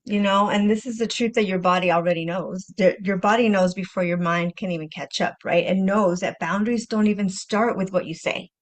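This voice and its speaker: A woman hosting a self-help podcast, speaking gently and reflectively, repeating phrases and acting out inner voices with sighs. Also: mid-range voice, steady tone, fairly quick, hardly any pauses. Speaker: podcast host and healing coach.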